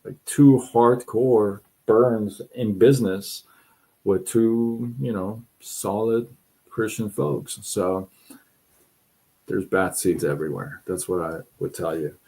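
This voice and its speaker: A man's voice: lowish voice, slow pace, warm tone. A middle-aged man hosting a live stream, telling a personal story in a rambling, repetitive way and acting out what others said. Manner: rambling, repeats himself, quotes people in voices. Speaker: livestream host. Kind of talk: casual storytelling chat.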